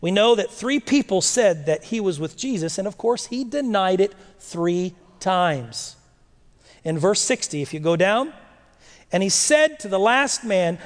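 A man preaching a sermon, reading scripture slowly and breaking in with lively rhetorical questions. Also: high voice. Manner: animated, rhetorical questions, dramatic slow readings. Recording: long echo of a large hall.

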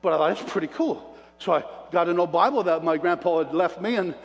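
A man preaching his testimony as an animated storyteller, folksy and plain-spoken, calling out to the congregation. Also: on the high side, fast talker, soft background music. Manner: animated storyteller with preacher call-outs to the crowd; folksy self-described redneck talk. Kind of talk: sermon testimony. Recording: long reverb of a large hall.

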